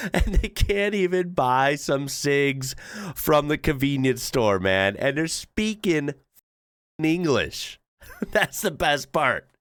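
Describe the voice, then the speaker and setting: A man's voice: on the high side, animated, slow pace, fairly bright tone, smooth, no echo, clean studio sound. A man hosting a casual reaction video, chuckling and making sarcastic asides. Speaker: reaction channel host.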